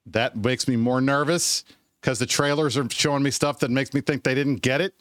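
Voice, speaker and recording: Male podcast co-host, mid pitch, blunt and emphatic, profane, dry close sound. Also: fairly even intonation, normal speed, a bit bright, dry recording. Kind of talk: casual chat.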